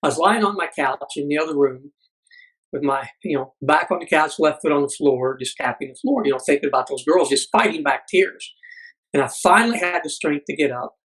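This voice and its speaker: A man in middle age speaking with a somewhat husky, breathy voice that sits a bit higher than most. He tells a personal story earnestly, stumbling into restarts and acting out the dialogue he remembers. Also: a little fast, fairly bright tone, rough recording. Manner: earnest, frequent restarts, acts out quoted dialogue. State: blind military veteran. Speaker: podcast guest.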